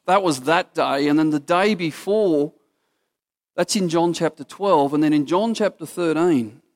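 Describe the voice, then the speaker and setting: A man's voice: a little high, unhurried. A man with an Australian accent preaching a casual, story-driven sermon that acts out what people in the story say.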